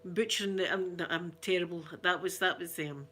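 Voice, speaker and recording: A Scottish woman hosting a relaxed live stream, chatting and giggling as she answers viewer comments. Her voice is bright and forward. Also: on the low side, normal speed, slight background noise. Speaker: ASMR channel host. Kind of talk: casual live-stream chat.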